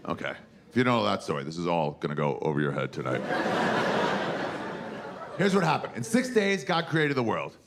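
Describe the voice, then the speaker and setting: A man in his forties delivers crude, irreverent stand-up in a loose, conversational way. His voice has a gravelly fry. Loud background noise runs underneath. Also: deep voice, big pitch swings, brisk, pauses often. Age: 40s. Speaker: stand-up comedian. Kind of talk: stand-up comedy.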